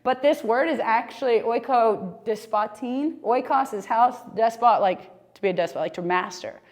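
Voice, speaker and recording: A woman leading a casual church Bible study discussion, talking in an animated, conversational way full of "like.". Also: on the high side, moderate pace. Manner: animated, conversational, heavy use of "like".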